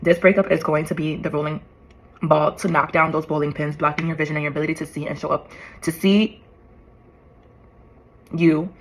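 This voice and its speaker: A woman's voice: low voice, fairly even intonation, brisk, long pauses, rough recording. A young woman in her twenties vlogging as she reads an old letter to herself aloud, emotional, swearing and laughing in disbelief.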